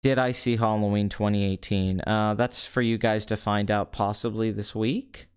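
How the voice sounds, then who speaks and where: A man with a low, smooth and clear voice hosts a comedy box office show. He talks in a sarcastic, deadpan way. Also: normal speed. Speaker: host.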